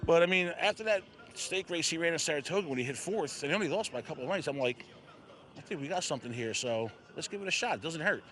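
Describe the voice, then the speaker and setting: Excited fast-talking man, horse owner. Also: fairly high pitch. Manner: excited, rapid storytelling with acted-out quotes. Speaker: winning racehorse owner. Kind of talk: post-race interview.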